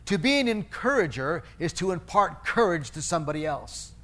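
Speaking at normal speed, this middle-aged pastor has a high-ish, very animated voice that sounds pushed and bright. His sermon is conversational and story-driven, full of self-mocking humor, restarts and mid-phrase corrections.

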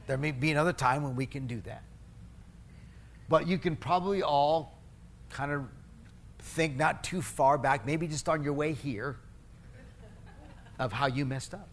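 Middle-aged pastor guy giving a sermon, kinda high voice, tells stories on himself, keeps restarting his sentences. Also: measured pace, pauses often, a little hiss or hum. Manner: conversational preaching, storytelling with self-mocking humor; restarts and self-corrections mid-phrase.

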